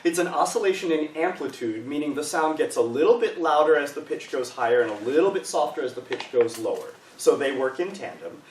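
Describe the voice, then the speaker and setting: A man's slightly higher-pitched voice leads a choir workshop, patient and encouraging as he walks singers through exercises. He is heard from some distance in an echoey rehearsal room, with a faint hiss beneath. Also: lively intonation, a little fast, few pauses. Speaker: choral workshop leader. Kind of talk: live choir workshop teaching.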